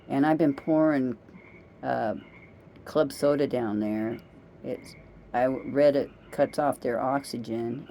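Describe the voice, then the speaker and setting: A middle-aged woman chats into her camera in a loose, meandering vlog. Her voice is mellow and unhurried in tone, and she tells homey anecdotes with a self-amused, gossipy ease. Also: extremely low pitch, slight background noise. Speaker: vlogger. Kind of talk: casual rambling monologue.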